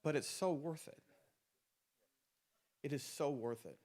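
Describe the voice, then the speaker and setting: A man's voice: on the high side, a little slow, darkish tone. Man preaching with emphatic repetition. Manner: emphatic, repeating phrases with rising force; frequent restarts and repeated words. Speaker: pastor. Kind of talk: sermon to small group leaders.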